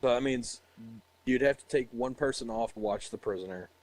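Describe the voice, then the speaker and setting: Young male storyteller, medium-pitched voice, loose and profane, casual chat delivery, quick to laugh. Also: a little mellow, poor audio. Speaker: soldier telling a story.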